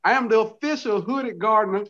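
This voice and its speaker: A man appears as a guest on a casual livestream chat. His voice sits high, and he trades laid-back jokes with the others. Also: fairly quick, a bit bright, dull audio. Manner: joking, laid-back banter.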